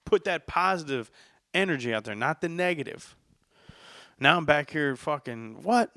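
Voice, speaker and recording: A man's voice: a little high, expressive, normal speed, pushed and bright, no room sound. Male solo podcaster, profane and heated, resonant voice, dry close mic. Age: adult, says he is older now. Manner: profane, worked-up sports venting. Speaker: podcast host. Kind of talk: casual solo podcast rant.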